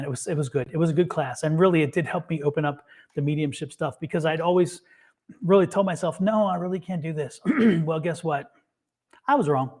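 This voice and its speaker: A man in casual chat, telling an animated story and acting out what people said. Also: fairly high pitch. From United States. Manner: animated storyteller, acts out quotes. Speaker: psychic reader and co-host.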